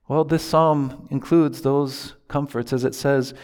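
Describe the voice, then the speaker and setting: A man's voice: on the high side, fairly even intonation, a little slow, hardly any pauses, darkish tone. Earnest male pastor preaching. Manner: earnest preaching with quoted prayers. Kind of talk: sermon.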